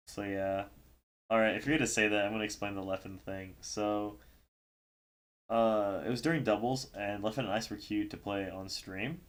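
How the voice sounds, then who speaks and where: A man casually telling a story on a livestream, rambling with lots of fillers and breaking into laughter. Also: lowish voice. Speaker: stream host recapping a tournament.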